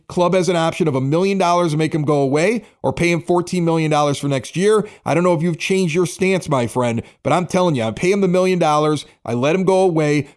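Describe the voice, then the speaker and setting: Guy on a sports podcast, fairly high voice, blunt and fired up about his team. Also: darkish tone. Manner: blunt, opinionated, emphatic. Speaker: podcast host. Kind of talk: casual sports podcast chat.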